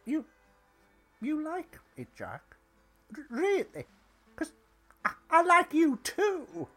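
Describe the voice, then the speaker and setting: A woman's voice: high-pitched, wildly swooping pitch, slow pace, sharp tone, soft background music, full character voice. A woman voicing a blunt middle-aged hotel boss with a brusque manner. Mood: soft. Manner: brusque, mild British curses.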